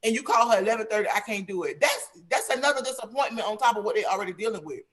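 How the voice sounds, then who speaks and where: A woman's voice: a little high, very fast, fairly bright tone. A woman on a video call giving emphatic, plain-spoken advice as a panelist in an online discussion.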